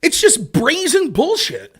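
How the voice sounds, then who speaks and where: A man's voice: extremely high pitch, wildly swooping pitch, takes it slowly. A man hosting a casual political commentary livestream, sarcastic and exasperated, mocking his opponents in put-on voices and swearing freely.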